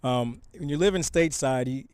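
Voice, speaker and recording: A man's voice: mid-range voice, fast, darkish tone, clear, resonant tone, dry recording. Easygoing Southern man, dry close mic. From Shreveport, Louisiana. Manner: rambling, filler-heavy, easygoing. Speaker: guest, apparel brand founder. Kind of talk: casual interview chat.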